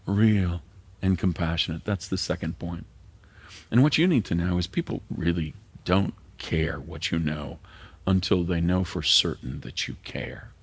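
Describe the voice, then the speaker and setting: Older guy pastor, low husky voice, heartfelt sermon, goes soft and whispery sometimes. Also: unhurried, no echo. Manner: earnest, emotional, drops to a whisper at tender moments.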